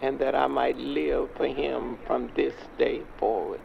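A man's voice: medium pitch, level tone, a little slow, vocal fry. A man playing an earnest street preacher in a music video skit, solemnly leading a young man through a prayer, recorded on a dull lo-fi track outdoors with faint noise.

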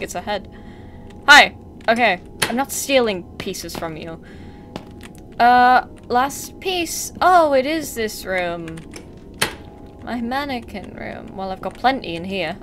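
A woman's voice: mid-range voice, a bit bright. A woman commenting on a horror game as she plays, chatty and sarcastic, talking back to the mannequins and jumping at scares. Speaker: gameplay streamer.

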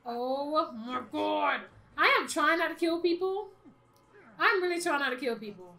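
A woman's voice: extremely high pitch, big pitch swings, fairly quick, pushed and bright. A woman doing let's-play commentary, who swears and laughs as she talks to the game. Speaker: gaming YouTuber.

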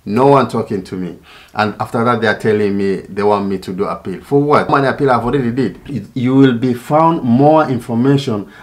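A man's voice: mid-range voice, brisk. A man talking casually to his viewers, frustrated, repeating himself and calling them "guys". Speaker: YouTuber. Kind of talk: casual vlog talk to viewers.

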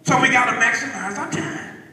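A man with a Southern US accent, preaching a sermon as pastor, swinging between shouts and low murmurs. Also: normal speed, a little hiss or hum. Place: church sanctuary. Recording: echoey hall, far from the mic.

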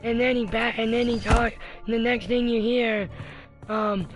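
A man streaming a game and chatting with teammates, excitable, laughing often and filling gaps with uhs. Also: very high voice, normal speed, faint music behind. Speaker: gaming streamer. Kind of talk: live game commentary with teammates.

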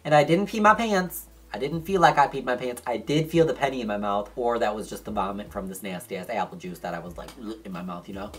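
A man vlogging to camera, telling a personal story in a casual, profane, animated way and acting out the dialogue. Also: lowish voice, a little fast, hardly any pauses.

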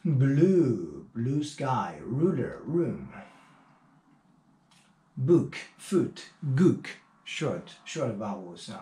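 A man with Chinese as his first language teaching English pronunciation, repeating words one at a time with drawn-out fillers. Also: medium pitch, big pitch swings, warm tone, reverberant. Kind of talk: slow pronunciation drill lesson.

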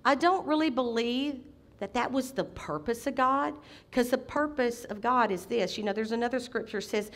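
Middle-aged woman pastor, slightly high voice, fervent sermon delivery with loud swells. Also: moderate pace. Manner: impassioned preaching with sudden loud outbursts. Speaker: senior pastor.

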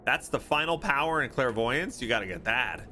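Male let's-play streamer, mid pitch, expressive, reads menus aloud over game music. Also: moderate pace, a little hiss or hum.

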